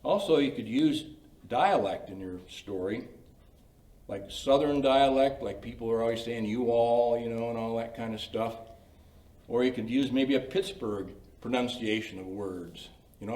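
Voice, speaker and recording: A man's voice: medium pitch, a little mellow. An older man leading a creative writing workshop, telling anecdotes in a folksy, chatty way with many "you know" fillers. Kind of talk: informal lecture with anecdotes. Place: library meeting room. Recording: roomy sound from a distant mic.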